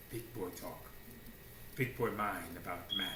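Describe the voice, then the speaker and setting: A man preaching a sermon in a casual, slangy way, swinging between hushed asides and loud declarations with many rhetorical questions. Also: mid-range voice, expressive, brisk, background noise. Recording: roomy echo.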